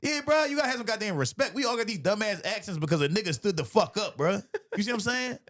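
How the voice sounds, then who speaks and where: A man, a comedian hosting a podcast, in a profane, animated comedic rant, laughing often. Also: high voice, fast.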